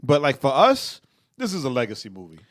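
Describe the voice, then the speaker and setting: A man's voice: medium pitch, wildly swooping pitch, fairly quick, dry recording, clean studio sound. A man co-hosting a podcast, chatting casually with jokey, teasing banter. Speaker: podcast co-host. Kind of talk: casual chat.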